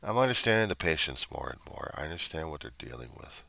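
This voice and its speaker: A man's voice: rumbling low, sing-song, fast talker, gravelly, bright, forceful tone, dry recording. A man talking in a personal video diary, brooding and repeating himself, often dropping to a mutter or a whisper. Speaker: vlogger.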